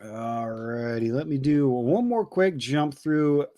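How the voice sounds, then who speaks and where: A man's voice: medium pitch, slow, warm tone, no room sound, studio quality. A man co-hosting a casual livestream, reading chat messages aloud with loose jokes and stumbling repeats.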